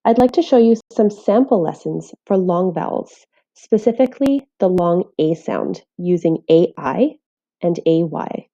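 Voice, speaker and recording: A woman teaching phonics in a scripted voice-over, speaking clearly and carefully while sounding out letters. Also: lowish voice, expressive, unhurried, mellow, muffled recording. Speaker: literacy teacher.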